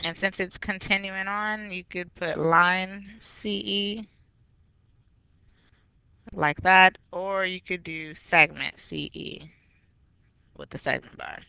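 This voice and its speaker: A woman's voice: fairly low pitch, slow pace, gravelly, pauses often, sharp tone, clean tone, no echo. A woman math teacher walking through a geometry review step by step, patient and explanatory. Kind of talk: recorded geometry review lesson.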